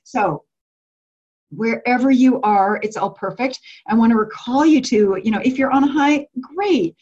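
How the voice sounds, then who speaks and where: A woman's voice: a little high, measured pace, husky, dull audio. A woman leading a retreat group on a call, talking casually and animatedly, with many restarts and fillers. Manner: animated, often acting out quotes with laughs. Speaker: retreat leader speaking to a group.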